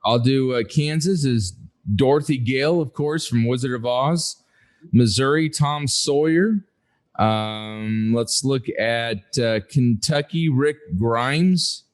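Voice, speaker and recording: A man co-hosting a podcast in casual chat, unhurried and hesitant, with many fillers. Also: medium pitch. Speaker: podcast co-host.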